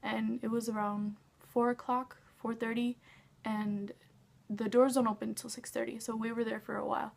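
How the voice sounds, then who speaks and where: A woman's voice: fairly high pitch, flat delivery, moderate pace, creaky. A young woman telling a casual storytime vlog about meeting her idol. She gushes, says "like" constantly and acts out what everyone said. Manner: gushing, says "like" a lot, acts out quotes. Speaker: fan telling a concert story.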